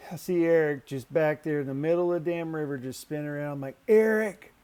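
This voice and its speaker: A man's voice: fast, clear, resonant tone. Profane man telling a story. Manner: profane, animated, pitch jumps when excited. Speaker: storyteller recounting a canoe trip. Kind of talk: casual spoken storytelling.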